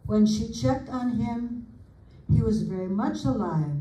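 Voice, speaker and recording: An older woman from the United States reading family recollections aloud in an unhurried, homely way, adding small asides as she goes. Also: medium pitch, warm tone. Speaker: family historian presenter. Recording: roomy sound from a distant mic.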